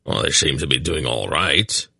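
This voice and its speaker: A man reading an audiobook puts on an old wizard, calm and wry, who talks mildly and without hurry. The voice is very low and gravelly, with a husky edge. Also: no room sound, studio quality, exaggerated voice. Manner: mild, unhurried. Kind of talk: audiobook narration.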